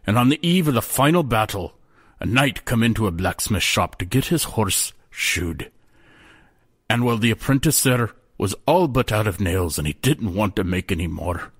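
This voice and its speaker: A man's voice: fairly low pitch, lively intonation, normal speed, breathy edge, no room sound, studio quality. A man voicing a weathered old former blacksmith's apprentice, telling a tale in old-fashioned speech. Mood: solemn, wistful. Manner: old-fashioned storytelling speech, calls listener lad.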